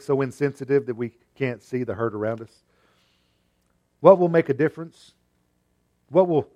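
A male pastor preaching an earnest sermon, moving between emphatic and hushed delivery. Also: mid-range voice.

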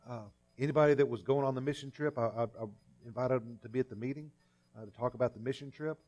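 A man's voice: mid-range voice, fast talker, darkish tone, soft background music. Folksy preacher man. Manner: folksy, conversational preaching with repeated phrases and little acted scenes. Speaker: pastor. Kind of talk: sermon.

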